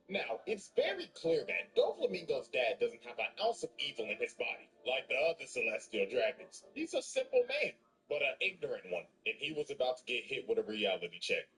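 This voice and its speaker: Young male comic narrator, crude and slangy, lively swings in pitch. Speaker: gaming video narrator. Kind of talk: comedic story recap.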